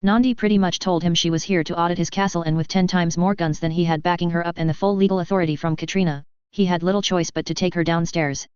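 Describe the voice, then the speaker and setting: A reader doing a calm amused officer. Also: medium pitch, clear, resonant tone, no room sound, dull audio, natural voice.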